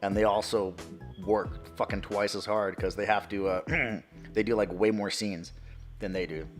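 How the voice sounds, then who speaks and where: A man's voice: on the low side, fairly even intonation, moderate pace, faint music behind. A man chatting casually on a live gaming stream, crude and joking, laughing often.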